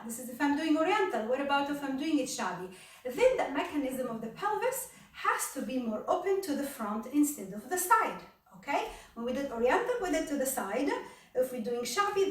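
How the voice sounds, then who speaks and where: A woman from Egypt talks through a belly dance lesson, counting moves aloud and shooting up high on the cues. Her voice is fairly high and sits back from the mic. A roomy echo fills the space, with a faint background hiss. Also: far from the mic. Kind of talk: dance tutorial instruction.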